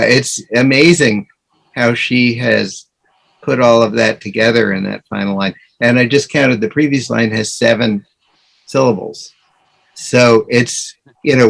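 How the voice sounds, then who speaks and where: Gravelly man in a poetry discussion. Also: mid-range voice, measured pace, a bit bright, low-quality recording. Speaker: discussion group member.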